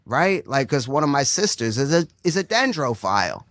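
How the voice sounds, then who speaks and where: A man's voice: fairly high pitch, sing-song, fairly quick, a bit bright, no room sound. A young adult man doing a rambling stand-up set full of swearing, checking in with "right?" over and over. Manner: rambling, swears constantly, says "right?" often. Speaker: stand-up comedian.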